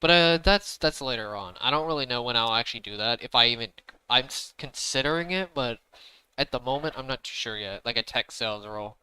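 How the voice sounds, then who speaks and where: Young male gaming streamer on a desk mic, bright and forceful, rambling casual talk, pushing his voice louder on purpose, dry close sound. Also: mid-range voice, lively intonation, clear, resonant tone, no room sound, poor audio. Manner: rambling, repeats "to be honest"; deliberately speaking up loudly. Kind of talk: casual chat while playing. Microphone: desk microphone.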